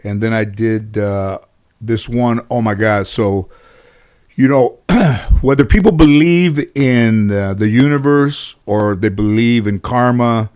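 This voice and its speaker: A man's voice: on the low side, slow pace, a little mellow, clean tone. A middle-aged man, a guest in an interview, telling casual stories in a rambling way full of "you know". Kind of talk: casual storytelling.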